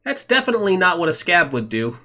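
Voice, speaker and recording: A man's voice: high-pitched, sing-song, sharp tone, soft background music, pitched above the performer's own voice, heavily acted. A man playing a flustered young woman talking her way out. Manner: flustered, talking fast to cover herself. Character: nervous young woman worker, cute, desperate to stay alive.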